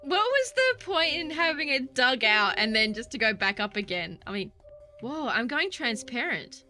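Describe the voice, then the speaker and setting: An Australian young woman streams a game playthrough, chatting and joking while game music plays behind her. Her voice is high and bright with big pitch swings, moderate pace, and a forceful tone, and she spooks easily during the let's play commentary.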